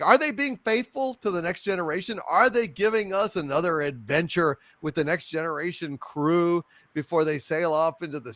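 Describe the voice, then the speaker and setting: A man on an angry, profane rant, his voice jumping high and low and breaking into shouts. The tone is bright and sharp, recorded dry and close with no room sound. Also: no echo. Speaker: panel show host. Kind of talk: angry ranting commentary.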